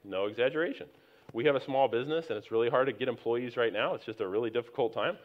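A man's voice: medium pitch, fast talker. Conversational preacher man, dull lo-fi sound. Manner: conversational, anecdotal preaching with many restarts and rising emphasis. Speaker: pastor. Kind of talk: sermon.

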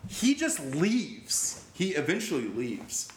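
A man's voice: fairly high pitch, slow pace, slight background noise. Man telling a rambling story, roomy echo. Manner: rambling, animated retelling with swearing and restarts. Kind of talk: casual storytelling chat.

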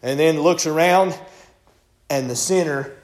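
A man preaching a sermon in a folksy storytelling manner, acting out voices and building to shouts. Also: a little high, a little slow.

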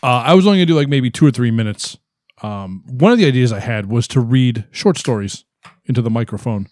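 Deadpan guy hosting a podcast, mid-pitched voice, super dry close mic. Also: a little fast, no room sound. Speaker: podcast host. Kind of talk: casual chat.

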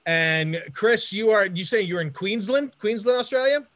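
Chatty male podcast host, slightly high voice, energetic and meandering. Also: moderate pace. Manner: upbeat, rambling with fillers and restarts. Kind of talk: casual podcast chat.

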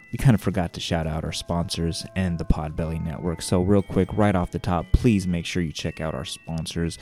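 A man's voice: low voice, warm tone. A man, hosting a podcast in casual, upbeat chat and swearing freely. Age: 30s. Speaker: podcast co-host.

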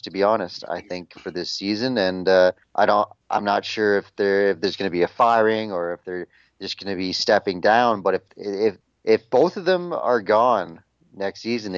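A man co-hosting a sports podcast, talking in a measured way that hedges with fillers, over dry lo-fi audio. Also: low-pitched, no echo. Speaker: podcast co-host. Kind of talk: casual sports chat.

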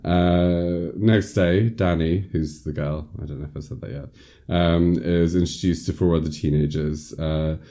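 A podcast host with a very deep, dark voice recaps a film in casual chat, speaking in a steady, unhurried way. He rambles with many ums and likes and laughs at himself.

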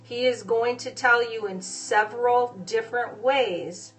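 Lady preacher, a bit high-pitched, stumbles then hammers her points home, soft music behind. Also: fairly even intonation, measured pace, hardly any pauses, distant mic. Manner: emphatic, repeating phrases with rising force. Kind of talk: sermon.

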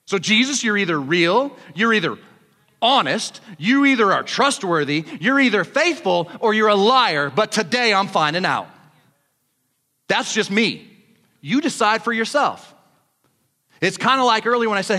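A man preaches a fervent sermon, his high voice climbing as he presses his listeners. His tone is bright and forceful, and it carries a long reverb from a big church hall. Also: big pitch swings, normal speed. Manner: fervent preaching that builds to shouting. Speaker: pastor.

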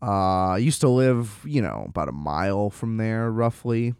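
A man's voice: lowish voice, sing-song, unhurried, a little mellow, smooth, no room sound, clean studio sound. A man casually telling a rambling, self-deprecating story, often laughing at himself.

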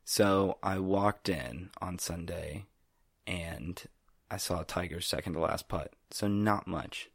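A man's voice: deep voice, slow pace, vocal fry, breathy edge, dry recording, clean studio sound. A young man co-hosting a podcast, rambling in a laid-back casual chat with lots of fillers. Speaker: podcast co-host.

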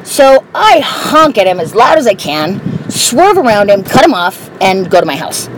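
A woman's voice: medium pitch, very animated, normal speed. A woman telling stories in a candid, profane, casual way while she drives her car. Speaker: vlogger. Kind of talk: casual monologue while driving. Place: inside a car on the road. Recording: loud road and car noise.

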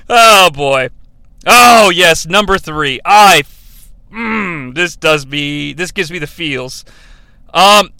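A man's voice: sits high, pushed and bright, smooth, no echo. A man hosting a countdown show in casual commentary, enthusiastic and rambling into asides, often laughing as he talks.

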